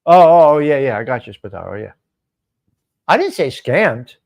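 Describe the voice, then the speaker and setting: A man's voice: medium pitch, sing-song, moderate pace, vocal fry, a little mellow. A man hosting a live stream show, chatting casually and answering viewer comments by name in a rambling, swearing way.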